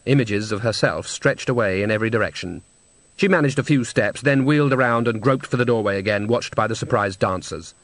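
Dry, measured male audiobook narrator. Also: on the low side, fairly bright tone, no room sound. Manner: measured, wry storytelling. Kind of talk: scripted narration. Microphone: close studio mic.

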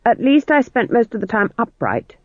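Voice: medium pitch, wildly swooping pitch, moderate pace, slightly rough, no echo, voice pushed up. Narrator putting on a stuck-up old witch lady, cold and cutting, phone-ish sound. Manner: cold and cutting, speaks quietly with contempt. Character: proud stern old witch woman, cold and severe. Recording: tinny phone-like audio, dry.

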